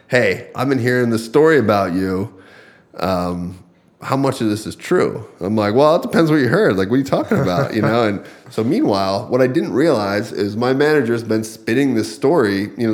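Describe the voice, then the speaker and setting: A man telling a personal story in casual conversation, acting out what others said, with fillers and laughs. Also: fairly low pitch. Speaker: podcast guest, fighter.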